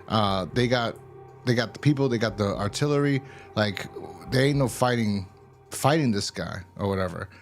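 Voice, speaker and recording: Low-voiced man casually recapping an episode. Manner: rambling, swears, paraphrases dialogue loosely. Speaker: show host reviewing a TV episode.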